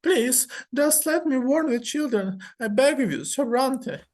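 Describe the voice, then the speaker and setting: A man's voice: high-pitched, animated, a little slow, voice pushed up, heavily acted. A man voicing a terrified mother who pleads for mercy, his voice raised and strained. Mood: pleading.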